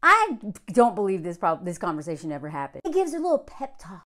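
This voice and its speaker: A woman's voice: on the high side, sing-song, a little fast, a bit bright. A woman giving a blunt, sarcastic movie review in a casual vlog, sometimes mimicking the characters. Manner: mocking impressions of characters.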